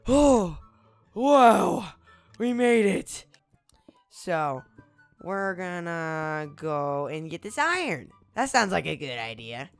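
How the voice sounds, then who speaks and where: A young man giving goofy let's play commentary, exclaiming loudly and slipping into whispered sneaky asides. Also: high voice. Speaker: gaming video host.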